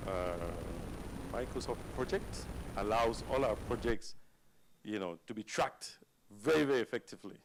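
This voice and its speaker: Animated gravelly man speaking at a conference. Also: medium pitch. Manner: animated, asks the audience questions. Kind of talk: live presentation to an audience.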